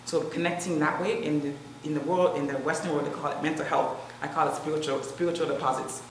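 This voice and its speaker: Woman fitness coach, energetic countdowns, echoey room, far from the mic. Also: low voice, fast talker. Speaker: fitness instructor. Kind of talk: leading a live exercise demo. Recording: echoey distant room recording with noise.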